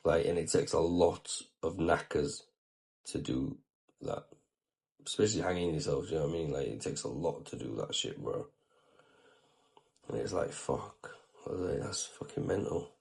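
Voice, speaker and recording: A young man hosting his own video show tells a story bluntly and casually, swearing freely and repeatedly asking "do you know what I mean." His very deep voice has vocal fry and a darkish tone, moving at a moderate pace with frequent pauses.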